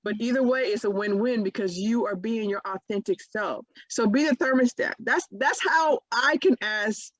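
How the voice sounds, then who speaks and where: A woman co-hosting a podcast in casual chat, animated and acting out quotes. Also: on the high side, moderate pace, few pauses, no echo. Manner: animated, exclaims "bam", acts out quotes. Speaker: podcast co-host.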